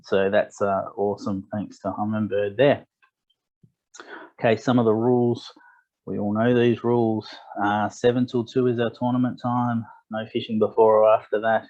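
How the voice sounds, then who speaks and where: A tournament director gives a fishing tournament briefing in a low, darkish voice with a level tone and moderate pace. He reads the rules and lists matter-of-factly, with small fillers along the way, and the audio is dull and lo-fi.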